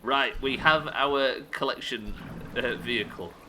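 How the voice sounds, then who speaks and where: A young man streaming a building game live, commenting as he plays and bantering with viewers in an animated, sweary, self-mocking way. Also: medium pitch, a little slow, slight background noise.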